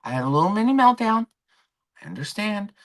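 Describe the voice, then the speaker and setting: A woman hosting a livestream, chatting casually and telling an animated story from work, acting out the people in it. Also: medium pitch, fairly quick. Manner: animated storytelling with quoted voices; rambling with restarts and asides to chat. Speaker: livestream host. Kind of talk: casual chat. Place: home.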